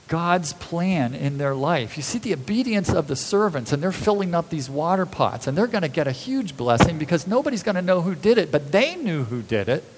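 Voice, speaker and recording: A man delivers a sermon in a slightly higher voice, retelling the scenes as lively stories and acting out the people in them. A faint hiss runs under the recording. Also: poor audio. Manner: animated storytelling, acting out scenes. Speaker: preacher.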